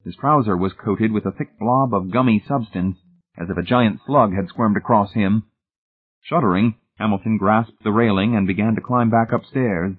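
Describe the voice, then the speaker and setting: A male audiobook narrator reads from a script in a low, husky voice, measured and suspenseful. The sound is lo-fi, like it's coming through a phone.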